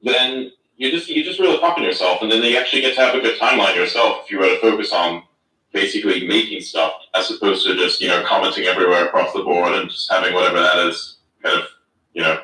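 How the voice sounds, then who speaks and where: A man's voice: low voice, fast, pushed and bright. Rambling man, roomy distant sound. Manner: rambling, swears, many fillers. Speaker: host of an online audio space. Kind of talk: casual chat. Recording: roomy, distant online audio.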